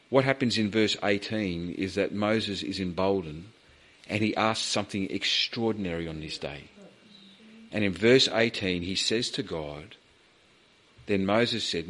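A man preaching a sermon in a church, animated and rising in pitch as he acts out the pleas in the passage. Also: measured pace.

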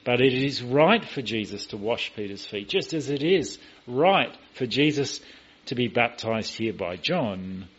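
A man's voice: medium pitch, animated, measured pace, breathy edge, dull audio. A man preaching a sermon, telling stories emphatically and acting out the quoted voices. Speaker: pastor.

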